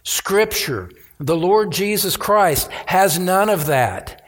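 Pastor, male, slightly high voice; emphatic sermon delivery with restarts. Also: expressive, slow pace. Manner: emphatic preaching with repeated restarts.

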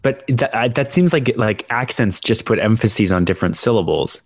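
Brief: man, lowish voice, wry joking podcast co-host, dry close sound. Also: animated, normal speed, no echo. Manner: joking, wry, steers the conversation. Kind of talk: casual chat.

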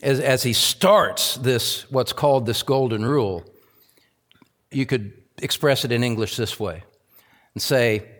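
A man preaching a sermon as pastor, emphatic, repeating key phrases and swinging from loud climbs to low, quiet drops. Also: a little slow.

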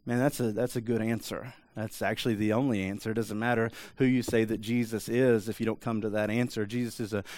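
A man's voice: on the low side, flat delivery, fairly quick, few pauses, a little mellow, dry recording. A man preaching a sermon in a conversational way, often adding asides and checking in with the listeners. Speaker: pastor.

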